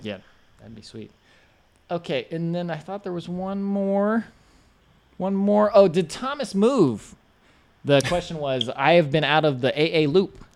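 A man hosting a casual podcast chat and reading out viewer questions in a relaxed way. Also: fairly high pitch, unhurried, a little hiss or hum. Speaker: podcast host.

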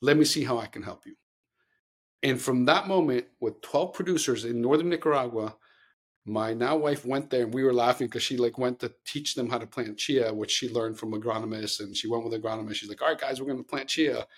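A man's voice: medium pitch, fairly quick, slightly rough. A middle-aged man co-hosting a podcast, telling long earnest stories in casual chat with many restarts. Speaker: podcast co-host.

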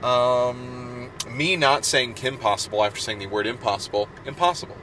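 A man's voice: medium pitch, normal speed, sharp tone, poor audio. A man hosting a podcast in casual chat, rambling and joking, often breaking off mid-sentence. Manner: rambling, joking, self-interrupting. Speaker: podcast host.

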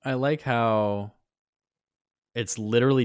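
A man co-hosting a casual fan podcast, easygoing and chatty, quick to agree. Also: medium pitch, fairly even intonation, no echo, clean studio sound. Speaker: podcast co-host.

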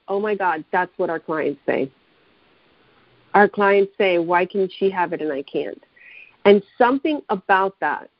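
A woman's voice: mid-range voice, no echo. A woman coach telling a personal story in a candid, emotional way, often restarting her sentences. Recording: dull, dry lo-fi recording.

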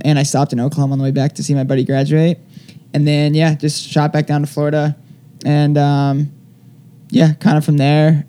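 A man's voice: fairly high pitch, mellow, clear, resonant tone. A young man telling a story as an interview guest, rambling casually with lots of filler words. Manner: rambling, heavy use of "like" fillers.

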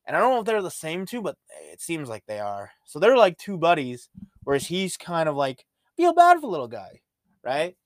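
Man, podcast host, casual profane rambling, somewhat high pitch, dry close sound. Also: wildly swooping pitch, normal speed, dry recording. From Ontario, Canada. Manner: rambling, profane, laid-back storytelling. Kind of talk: casual monologue.

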